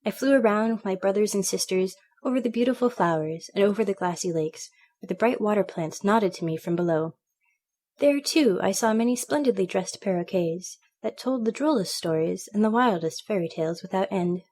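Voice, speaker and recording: A woman's voice: mid-range voice, animated, fairly quick, darkish tone, lightly acted. Storybook canary, male, poetic and homesick, read by a woman. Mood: wistful.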